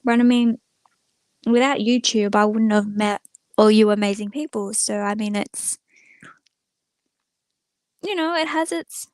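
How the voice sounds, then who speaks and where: Streaming live from a closed-door room in her home, this woman with a small channel chats to viewers in a rambling way, dropping lots of "like" and "um." Her medium-pitched voice is slightly mellow and clean, a little slow with frequent pauses, and there's no echo.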